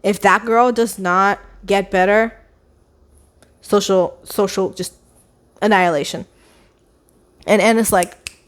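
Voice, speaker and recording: A woman's voice: medium pitch, takes it slowly, long pauses. Chatty woman rambling about a book. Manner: animated, chatty, with sarcastic asides. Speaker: book vlogger. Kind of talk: casual, rambling plot retelling.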